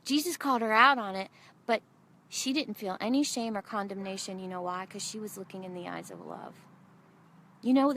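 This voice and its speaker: Bright, animated woman preaching. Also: mid-range voice, a little hiss or hum. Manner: animated storytelling, acts out quotes. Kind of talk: sermon.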